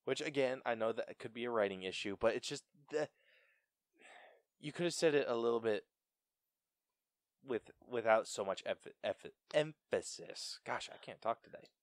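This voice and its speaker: A young man co-hosting a podcast, chatting casually about a film with an animated, stumbling delivery and frequent laughs. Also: mid-range voice, normal speed, no echo, clean studio sound. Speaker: podcast co-host. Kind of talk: casual film review chat.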